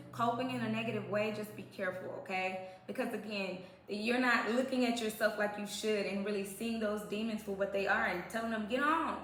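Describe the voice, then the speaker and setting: A woman's voice: a little high, pushed and bright, roomy sound, a little hiss or hum. A woman giving a casual spiritual tarot reading, chatty and emphatic, often checking in with her listeners. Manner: chatty, emphatic, repeats "okay, you guys". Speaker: tarot reader.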